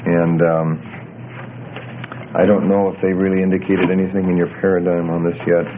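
A deep-voiced man teaches a Greek class, stopping on fillers and correcting himself as he goes. The sound is thin and tinny, like an old classroom tape with a faint hiss. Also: level tone. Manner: halting, lots of uh and self-corrections. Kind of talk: classroom lecture.

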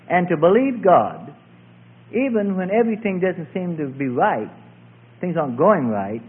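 Husky male preacher on tinny recording. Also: a little high. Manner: emphatic preaching, swinging from loud to hushed. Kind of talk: sermon.

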